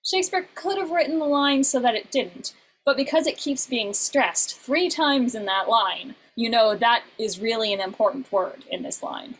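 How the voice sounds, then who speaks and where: A woman's voice: a little high, moderate pace, slight background noise, rough recording. Patient woman teaching an online class. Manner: patient, explanatory, frequent "uh" fillers.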